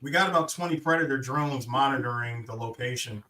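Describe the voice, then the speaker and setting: A man co-hosting a podcast, wisecracking and slipping into quick bits, heard on a distant mic with faint noise. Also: medium pitch, pushed and bright. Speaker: podcast co-host. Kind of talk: casual chat.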